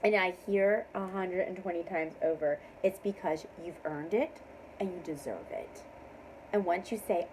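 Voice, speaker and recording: A woman giving a casual tarot reading to camera, making emphatic affirmations, laughing often and sometimes dropping to a soft hush. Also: fairly low pitch, unhurried, noisy background. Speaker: tarot reader.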